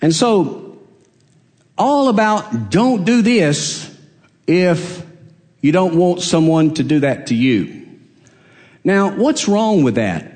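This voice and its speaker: A man's voice: high voice, sing-song, slow, pauses often, darkish tone. A man preaching a sermon, emphatic, repeating his phrases and asking rhetorical questions.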